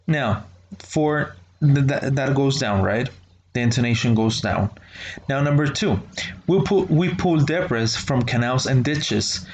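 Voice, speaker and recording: A man's voice: medium pitch, roomy sound. Man teaching an English class. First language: Spanish. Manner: explains slowly, checks in with "okay?" and "right?". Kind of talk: online class lesson.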